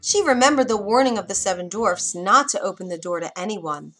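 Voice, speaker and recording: A woman reading a fairy tale aloud in an expressive, dramatic storybook manner. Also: medium pitch, fairly quick, faint music behind.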